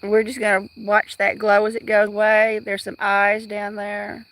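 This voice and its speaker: A woman's voice: mid-range voice, monotone, a little slow, a bit bright. A woman hosting a casual outdoor livestream at dusk, rambling chattily and talking straight to her viewers. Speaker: livestream host.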